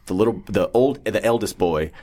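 A man telling a story in a casual group chat, animated and laughing often, swearing freely. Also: lowish voice, moderate pace.

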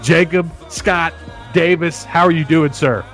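A man's voice: fairly high pitch, unhurried, fairly bright tone, soft background music, low-quality recording. A man from Arkansas with a light Southern accent, hosting a casual sports podcast, rambling and laughing often. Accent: Northwest Arkansas Southern. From Fayetteville, Arkansas. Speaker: podcast host.

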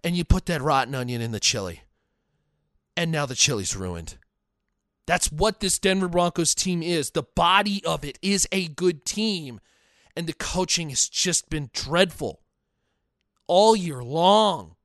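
A man's voice: on the high side, lively intonation, measured pace, a bit bright, no room sound, studio quality. A man hosting a sports podcast, giving blunt opinions and reading out fan comments with frequent restarts. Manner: opinionated, digressive, repeats himself. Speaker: podcast host.

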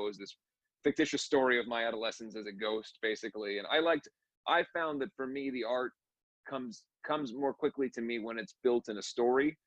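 A man's voice: fairly low pitch, no echo, dull audio. A young man, a musician, talking candidly in casual conversation and telling stories with frequent restarts. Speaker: musician guest.

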